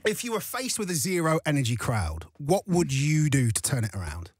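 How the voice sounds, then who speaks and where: A man's voice: fairly high pitch, very animated, moderate pace, slightly rough, no room sound. A man hosting a radio interview in a studio, upbeat and playful, teasing his guest. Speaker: radio host.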